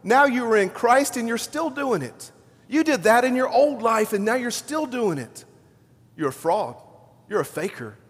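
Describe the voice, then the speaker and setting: A scornful, accusing devil sneers and taunts, as a male preacher puts him on. The voice sits a bit high and rings out with the long reverb of a large hall. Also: big pitch swings, moderate pace, breathy edge. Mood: taunting.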